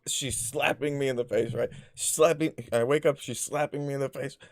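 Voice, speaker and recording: A man's voice: medium pitch, steady tone, normal speed, creaky, no echo. Rambling man telling stories, dry sound. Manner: rambling, filler-heavy, loses his thread; blunt, swears freely. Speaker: vlogger. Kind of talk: casual personal storytelling.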